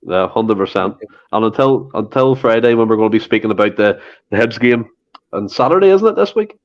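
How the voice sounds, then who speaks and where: A man hosting a casual podcast chat, chatty and animated, swearing now and then. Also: lowish voice, brisk, highs cut off. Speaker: podcast host.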